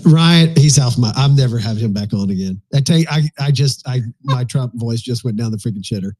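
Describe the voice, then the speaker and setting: A man in his fifties hosting a casual live audio chat, rambling and animated. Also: medium pitch, fairly quick. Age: 50s. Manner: rambling, animated, frequent profanity. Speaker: host.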